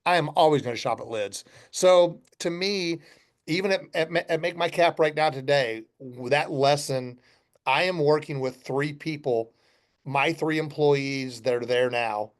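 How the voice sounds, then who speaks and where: A man's voice: fairly high pitch, measured pace. Blunt, folksy businessman telling stories. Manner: folksy, blunt, acts out both sides of conversations with mild swearing. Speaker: company founder, podcast guest. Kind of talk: casual storytelling interview.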